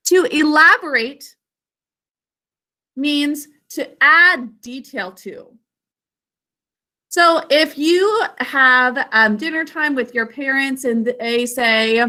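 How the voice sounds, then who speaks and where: Sharp in tone and high in pitch, a female teacher breaks words into syllables with slow, careful enunciation. She is giving a reading lesson over a video call.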